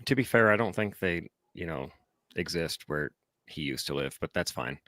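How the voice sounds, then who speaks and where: Deep-voiced podcast co-host man. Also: animated, moderate pace, fairly bright tone, no room sound, studio quality. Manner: rambling, laughs often. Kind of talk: casual banter.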